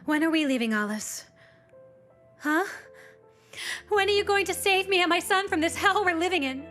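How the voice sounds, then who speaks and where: A woman's voice: extremely high pitch, expressive, normal speed, a bit bright, soft background music. An actress playing a desperate young mother in a dubbed TV drama, pleading and anguished.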